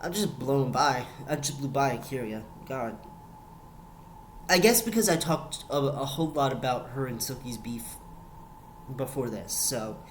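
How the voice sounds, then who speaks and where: A young man talks through a show review in a loose vlog style, circling back on words and repeating lines for emphasis. His voice sits in a middle pitch. A faint hiss runs under the recording. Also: expressive, normal speed.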